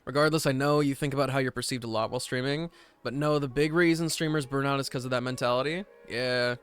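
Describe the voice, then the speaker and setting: A man's voice: medium pitch, fairly even intonation, fast, a bit bright, smooth, faint music behind. A man streaming a game and chatting casually, a rambling, self-deprecating overthinker. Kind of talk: casual gaming stream chat.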